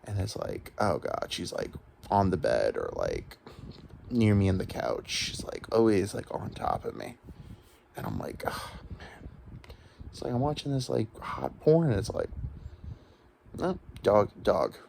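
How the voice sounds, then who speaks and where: A man's voice: on the low side, sing-song, normal speed, vocal fry, a little mellow, slight background noise. A man in his thirties rambling through a crude, self-deprecating solo comedy monologue. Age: 30s.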